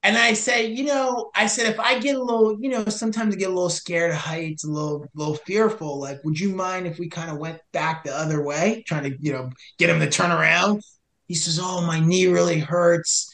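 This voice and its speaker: With a high voice and a fairly quick pace, a young man guesting on a podcast shares a story about a hiking rescue from his search and rescue work. He's casual and animated, playing both sides of the dialogue, and the sound is roomy.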